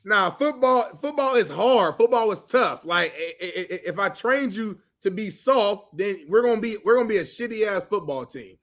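A man co-hosting a sports podcast, speaking in halting, repeated starts. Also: high voice, lively intonation, a bit bright. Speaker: co-host. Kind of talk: casual podcast debate.

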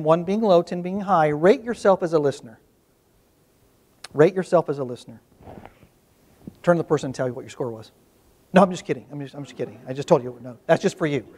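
A man's voice: a little high, a little mellow. A man speaking as a workshop presenter, telling stories to an audience in a conversational way with frequent restarts. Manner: conversational storytelling with restarts and asides.

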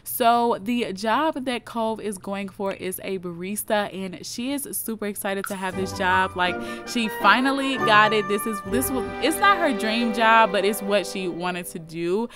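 A woman's voice: medium pitch, unhurried, hardly any pauses, over music. A woman casually narrating her life-sim gameplay as a video host, chatting to her viewers. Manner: chatty, addresses viewers as "you guys". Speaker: gaming YouTuber. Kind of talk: casual let's play commentary.

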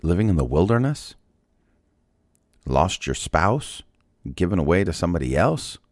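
A man's voice: low-pitched, sing-song, normal speed, darkish tone, no echo, clean studio sound. A man hosting a daily Bible podcast, talking conversationally with rhetorical questions and ending in prayer. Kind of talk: devotional talk and prayer.

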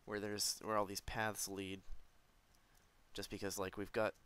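A man narrating his own game play in chatty commentary, jumpy and quick to yelp and laugh. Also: on the low side, flat delivery, fairly bright tone, clear, resonant tone. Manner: chatty, jumpy, yelps and laughs when startled. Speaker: let's play gamer.

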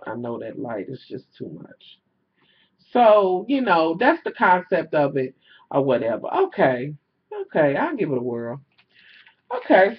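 Man, vlog chat, slightly high voice, husky, profane exasperated rambling, dull lo-fi camera audio, indoors at home. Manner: profane, exasperated ranting with lots of fillers. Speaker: vlogger selling jewelry.

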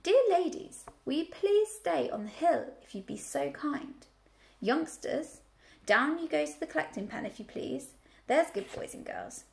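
A woman voicing an eager, innocent young male piglet from a storybook, asking excited questions. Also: sits high, measured pace, vocal fry, pitched above the performer's own voice, heavily acted. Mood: polite.

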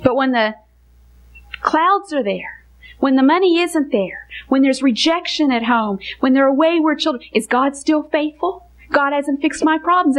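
Woman, Bible teacher, bright high voice, earnest sermon delivery with weighty pauses. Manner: earnest, emphatic, slows on key phrases. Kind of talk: teaching message to women.

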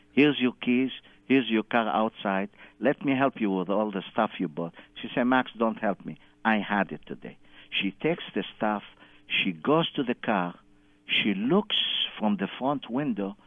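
A man's voice: mid-range voice, dry recording, narrow, tinny audio. A man calling in and telling a long anecdote, acting out every quoted line with loose, non-standard grammar. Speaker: caller. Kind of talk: animated anecdote storytelling.

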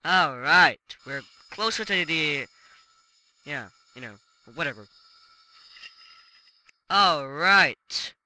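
A man giving casual gameplay commentary as a let's play gamer, excitable and swearing, with frequent exclamations. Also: on the high side, very slow, pauses often, low-quality recording.

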